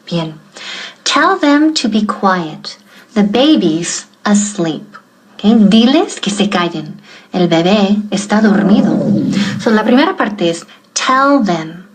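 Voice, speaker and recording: A woman teaching an English class, slowly and deliberately drilling example sentences and switching between explanation and repetition. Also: mid-range voice, lively intonation, a little hiss or hum, rough recording. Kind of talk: bilingual language lesson.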